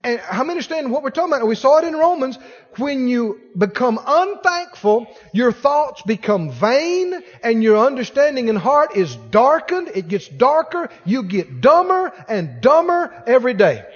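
High-voiced, exhorting preacher. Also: male voice, big pitch swings, moderate pace, husky, long reverb tail, lo-fi sound. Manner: exhorting, calls for congregation response, rising to shouts. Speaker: pastor. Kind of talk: sermon.

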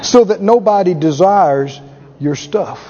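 A man preaching a sermon with emphatic delivery, acting out quoted voices and rising to shouts. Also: high voice, animated, measured pace, a little hiss or hum. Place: large church hall. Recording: lo-fi hall recording with audience. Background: congregation.

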